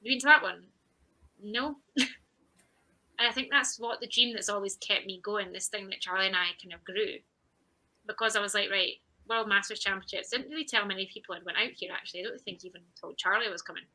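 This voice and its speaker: A woman's voice: mid-range voice, brisk, bright, forceful tone, rough recording. A woman being interviewed on a podcast, telling her story with animation and acting out her own past thoughts. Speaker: guest, champion sprinter.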